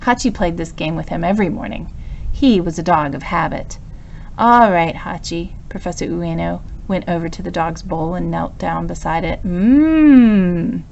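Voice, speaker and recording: A woman narrating a children's story, reading aloud in a calm, even manner. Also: on the low side, brisk, creaky, dull audio, slight background noise. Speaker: storybook reader.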